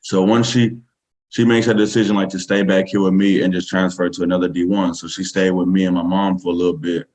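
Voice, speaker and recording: Man, low-pitched voice, Southern US accent, podcast guest, casual rambling storytelling. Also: flat delivery, a little fast, a little mellow, poor audio. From Texas, USA. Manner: loose, rambling telling full of fillers.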